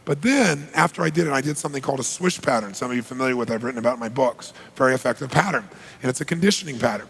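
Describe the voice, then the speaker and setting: Gravelly, husky motivational speaker. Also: male voice, mid-range voice, rapid-fire, fairly bright tone, in a large hall. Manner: storytelling, asks the audience questions. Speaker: seminar speaker. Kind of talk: motivational seminar talk.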